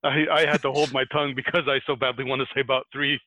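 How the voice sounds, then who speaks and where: A man's voice: medium pitch, flat delivery, quick pace, bright, forceful tone, no room sound, low-quality recording. A man co-hosting a podcast in casual chat, laughing often and restarting his sentences. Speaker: podcast co-host.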